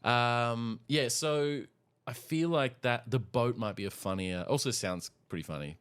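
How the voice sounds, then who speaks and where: A man's voice: medium pitch, measured pace, fairly bright tone, clear, resonant tone. A man co-hosting a cartoonists' podcast, chatting casually and rambling through his points. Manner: rambling, acts out quoted voices. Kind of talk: casual chat.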